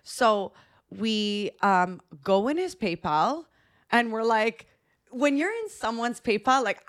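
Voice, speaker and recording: A woman's voice: fairly high pitch, lively intonation, slow, fairly bright tone. A young woman co-hosting a podcast, telling stories animatedly in casual chat and acting out the voices of the people she quotes. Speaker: podcast co-host.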